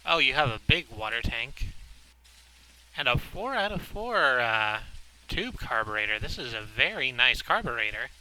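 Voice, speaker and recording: A man's voice: medium pitch, big pitch swings, normal speed, slight background noise, rough recording. A man streaming a game, chatting casually in a rambling, joking, self-deprecating way. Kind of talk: casual gameplay commentary. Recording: game music playing loudly behind. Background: in-game car radio music.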